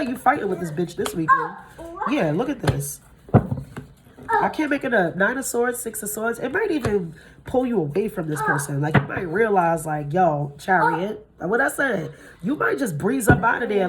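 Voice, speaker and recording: A woman in her thirties giving a casual tarot reading, tired from little sleep, blunt and profane, her voice jumping up in pitch when she gets excited. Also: noisy background. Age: 30s. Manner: blunt and profane, swears freely. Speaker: tarot reader.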